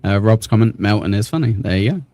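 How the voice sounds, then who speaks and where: A man's voice: on the low side, animated, fast, background noise. A man hosting a casual livestream, chatting, laughing and thanking viewers by name as he reads comments. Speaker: livestream host.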